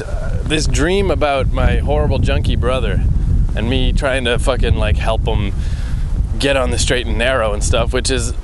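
A man's voice: medium pitch, background noise. A man hosting his podcast, rambling and swearing in frustration as he walks along a wooded path outdoors, recorded on a portable battery mic. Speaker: podcast host. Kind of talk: rambling walking monologue. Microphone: battery-powered portable mic.

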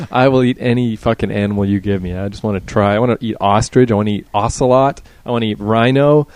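Low-voiced man joking crudely. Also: quick pace, darkish tone, dry recording. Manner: joking, crude, swears freely. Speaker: podcast co-host. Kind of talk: casual chat.

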